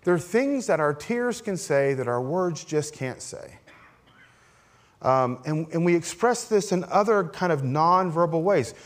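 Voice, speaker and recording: A man's voice: fairly high pitch, lively intonation, unhurried. A middle-aged man preaching as a pastor, in a conversational, self-deprecating way with frequent "right?" asides. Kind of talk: sermon.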